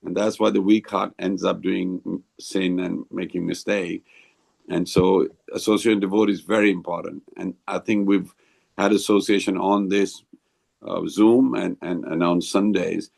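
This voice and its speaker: Slow gravelly man on a video call. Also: low-pitched, level tone, darkish tone. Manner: slow, rambling, explanatory. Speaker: senior devotee leading discussion. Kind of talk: devotional group discussion on a video call.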